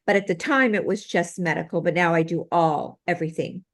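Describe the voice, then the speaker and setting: A woman with a somewhat low voice recounts her own experience as a guest on an interview show. She talks in long run-on sentences and often restarts her thoughts, in a plain, earnest, matter-of-fact manner. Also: fairly quick. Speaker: guest, medical intuitive and healer. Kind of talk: personal storytelling in an interview.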